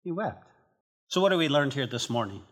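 A pastor from northern New Mexico preaching a sermon to his church in an animated, emphatic, conversational way. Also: mid-range voice, quick pace.

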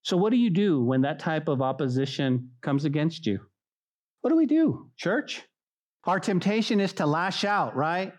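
A pastor with a rather high voice preaches a sermon at a moderate pace. He tells stories with lots of animation, acting out mocking voices along the way.

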